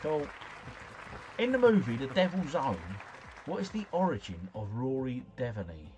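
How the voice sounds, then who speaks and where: A man's voice: medium pitch, big pitch swings, normal speed, darkish tone, a faint crowd. A man hosting a casual livestream, talking himself through answers in a chatty, slangy ramble. Faint music runs behind him. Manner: chatty, musing aloud, slangy. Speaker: livestream host.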